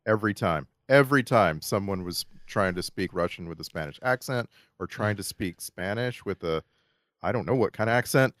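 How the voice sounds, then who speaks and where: A man's voice: on the low side, animated, normal speed, a bit bright, dry recording, studio quality. A man in a casual movie podcast chat, earnest and stumbling over restarts. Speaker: podcast co-host.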